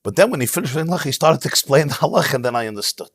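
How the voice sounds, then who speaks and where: A man teaching a Torah class as a rabbi, in an animated, emphatic way, sprinkling in Hebrew terms. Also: medium pitch, very fast, dry recording, studio quality. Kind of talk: lively Torah lecture. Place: synagogue.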